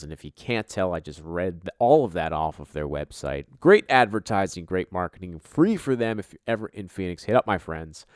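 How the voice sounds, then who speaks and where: A man hosting a casual fantasy football podcast, joking and swearing, often trailing off quietly. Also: low voice, no echo, studio quality. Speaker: podcast host. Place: home basement.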